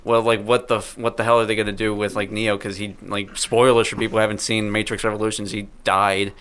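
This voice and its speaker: A man's voice: lowish voice, level tone, quick pace, a bit bright. A young man co-hosting a casual podcast, rambling and hedging with filler words and laughing easily. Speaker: podcast co-host. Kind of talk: casual chat.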